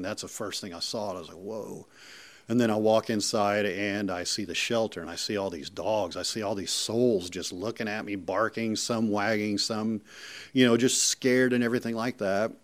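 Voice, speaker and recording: A middle-aged man, a volunteer telling a personal story in an earnest, emotional way and often repeating himself. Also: on the low side. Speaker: rescue volunteer.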